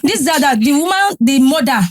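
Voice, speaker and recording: A woman with a Nigerian accent, a podcast guest telling a story in animated casual talk, slipping into Pidgin and Yoruba. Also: sits high, fairly quick, no echo, studio quality. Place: podcast studio.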